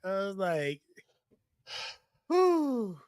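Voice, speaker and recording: A man, co-hosting a podcast and telling lively stories that he acts out in casual chat. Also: a little high, normal speed, dry recording, studio quality. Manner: animated storyteller, acts out quotes. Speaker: podcast co-host.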